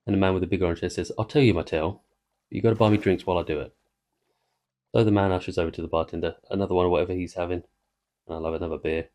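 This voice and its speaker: Man, very low voice, rambling let's-play commentary, keeps interrupting himself. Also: fairly even intonation, racing, a little mellow. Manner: rambling, self-interrupting joke-telling. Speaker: gaming video creator.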